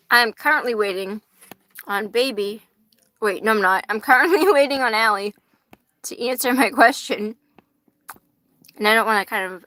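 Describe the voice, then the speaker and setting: Eating fries and laughing often, a young woman hosts a chatty, rambling tarot livestream, dropping casual swear words along the way. Her voice sits on the high side and has a sharp tone.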